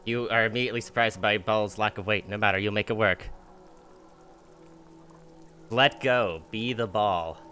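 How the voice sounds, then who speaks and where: Streamer, male, wry and jokey, crisp bright tone, easy chat over gameplay. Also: lowish voice, moderate pace, long pauses, soft background music. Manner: jokey, laughs easily, wry. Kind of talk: casual live-stream chat, reading game text aloud.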